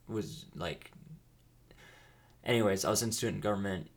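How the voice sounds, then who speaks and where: Young guy rambling on his podcast, low gravelly voice. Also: moderate pace. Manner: rambling, restarts often. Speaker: podcast host. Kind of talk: casual chat.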